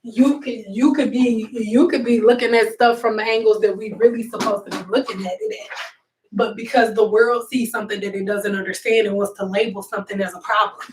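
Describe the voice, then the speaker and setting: A woman's voice: mid-range voice, fairly even intonation, fairly quick, a little mellow, far from the mic, a little hiss or hum. Emphatic woman preaching at her camera. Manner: emphatic, preachy, repeats herself, cusses. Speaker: beauty vlogger. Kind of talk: casual motivational talk to viewers. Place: room at home, indoors. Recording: echoey room, voice off-mic.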